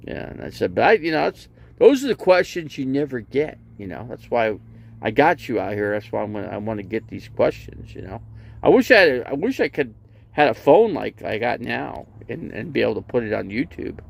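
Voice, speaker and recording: A man's voice: medium pitch, very animated, a little fast, gravelly. A man telling a long rambling story in casual livestream chat, full of restarts and acting out both sides of a conversation. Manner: rambling, lots of "you know" and restarts. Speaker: RV vlogger.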